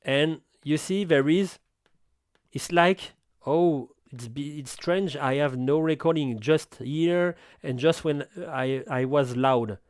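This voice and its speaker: Middle-aged French-accented male tutor, slow and stop-start, smooth clear tone. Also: a little high, no echo, clean studio sound. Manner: halting, self-correcting non-native English. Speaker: audio gear reviewer. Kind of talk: hands-on equipment tutorial.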